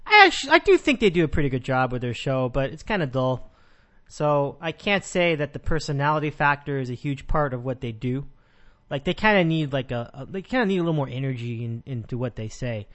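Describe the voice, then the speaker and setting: Rambling sports podcast host. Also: male voice, medium pitch, big pitch swings, fairly quick, fairly bright tone. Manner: rambling, frequent restarts and laughs. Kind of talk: casual sports podcast chat.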